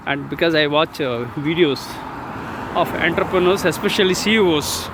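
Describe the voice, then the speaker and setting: A man in his sixties vlogs casually while walking city streets, speaking slowly and haltingly in a fairly high pitch with many fillers and repeated words. He records on a phone held in his hand, which picks up traffic and street noise.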